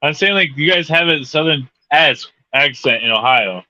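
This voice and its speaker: Bright-voiced teasing man from Michigan. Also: fairly high pitch, animated, normal speed, highs cut off. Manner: teasing, laughs often. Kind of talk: casual chat.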